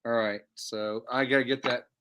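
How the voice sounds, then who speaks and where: A man's voice: medium pitch, steady tone, normal speed, pushed and bright, smooth. A man hosting a casual livestream, rambling and repeating words as he talks. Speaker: livestream host.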